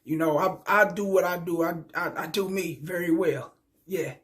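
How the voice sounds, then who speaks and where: A young man rants to his viewers in a high voice. His talk is loose and streetwise, heavy with profanity and full of stumbling restarts. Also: steady tone, normal speed, a bit bright. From Kansas City, Missouri. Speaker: vlogger. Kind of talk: casual storytelling rant.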